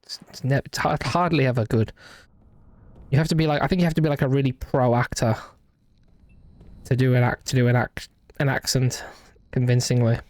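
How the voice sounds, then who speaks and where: Rambling through casual let's-play commentary, a young man with a light English Midlands accent hesitates and restarts often as he talks about the game. His mid-range voice is darkish and a little fast, with fairly even intonation, and the recording is dry.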